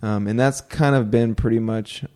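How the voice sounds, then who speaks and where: A man's voice: mid-range voice, steady tone, normal speed, dark tone. A man hosting a podcast, talking casually and rambling, with lots of fillers and quoted asides. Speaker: podcast host. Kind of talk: casual conversation.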